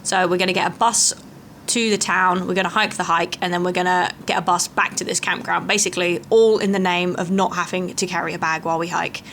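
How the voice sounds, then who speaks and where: A woman's voice: fairly low pitch, fairly even intonation, fairly quick, a bit bright, a little hiss or hum. A young woman vlogging a hiking trip, chatty and self-mocking as she narrates. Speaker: travel vlogger. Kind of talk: casual travel vlog narration. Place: outdoors on a mountain trail.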